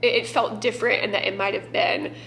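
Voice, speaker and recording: A young woman telling a personal story to camera in an excitable, chatty vlog style, with lots of "like". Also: medium pitch, brisk, vocal fry, a little hiss or hum. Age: young adult. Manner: chatty, excitable, heavy use of "like". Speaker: vlogger.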